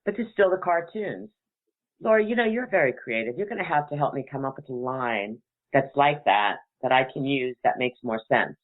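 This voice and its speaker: A woman's voice: extremely low pitch, lively intonation, moderate pace. A middle-aged woman hosting a radio talk show, chatting and telling stories in a rambling way and laughing often. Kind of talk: casual chat and storytelling. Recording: tinny phone-like line.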